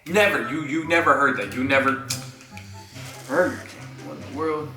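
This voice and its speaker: Excitable reaction host, bright and bouncy, in an echoey room with a little music. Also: male voice, a little high, normal speed. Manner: excitable, stammering restarts. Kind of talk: casual reaction commentary.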